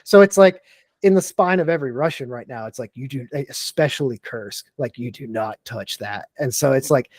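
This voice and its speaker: Animated man in his forties. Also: medium pitch, fairly quick, no echo, studio quality. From Texas and Tennessee, USA. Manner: animated, emphatic, fills speech with "like", swears freely. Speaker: podcast guest, military veteran. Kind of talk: casual chat.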